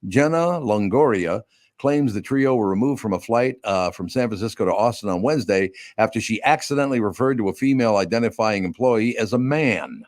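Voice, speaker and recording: Lower-voiced male podcast host, opinionated. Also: lively intonation, a little fast, darkish tone, no room sound, studio quality. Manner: gruff, opinionated, reads news stories aloud. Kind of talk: casual talk-show banter.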